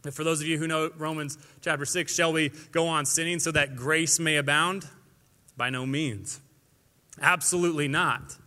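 A young man preaching a sermon in a lively, conversational way, acting out quotes as he goes. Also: a little high, normal speed, long reverb tail.

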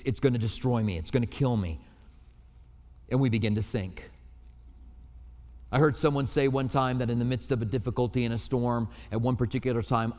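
A man's voice: mid-range voice, darkish tone. A man preaching a sermon in an earnest, storytelling way, with personal anecdotes. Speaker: pastor. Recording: reverberant hall.

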